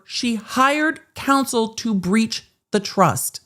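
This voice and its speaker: A woman with a slightly low voice hosts live legal commentary. She is sarcastic and blunt, and she swears without holding back. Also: expressive, moderate pace. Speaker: host.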